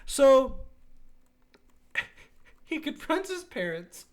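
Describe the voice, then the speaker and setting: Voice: high voice, very animated, very slow. A young adult podcast host who retells a movie plot in casual chat, swearing freely, laughing often and acting out the quotes.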